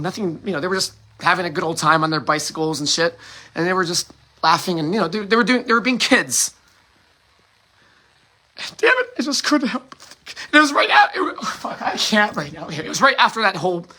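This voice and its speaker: Angry, bright-voiced man ranting. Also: on the high side. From United States. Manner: angry, profane ranting with restarts. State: emotional, sighing. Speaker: host. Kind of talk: emotional monologue.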